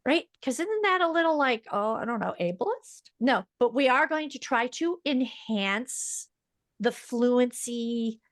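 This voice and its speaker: A woman who is a speech-language pathologist, speaking as a podcast guest in a fast, emphatic, teacherly way. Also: on the high side, animated, no room sound, clean studio sound. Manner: fast-talking. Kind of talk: podcast interview.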